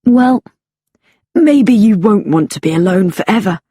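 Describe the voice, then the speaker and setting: A woman voicing a kind, devoted young policeman in a slow storybook reading for learners, calm and tender. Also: medium pitch, slightly rough, no room sound, studio quality.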